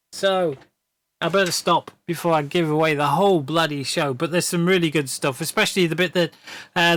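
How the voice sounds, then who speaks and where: Bright-voiced rambling man. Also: fairly high pitch, dry recording. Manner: rambling, stammering storyteller who laughs often. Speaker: streamer. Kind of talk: casual chat.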